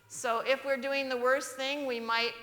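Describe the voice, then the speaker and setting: A woman's voice: sits high, little pitch movement, a little slow, a bit bright. A woman giving a sermon in a church, often asking the audience questions, in an echoey church hall. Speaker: church speaker.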